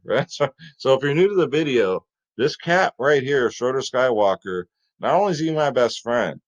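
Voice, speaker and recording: A man's voice: on the low side, rough recording. Hyped chatty man hosting sports picks. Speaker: fantasy sports video host. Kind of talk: casual fantasy sports picks talk.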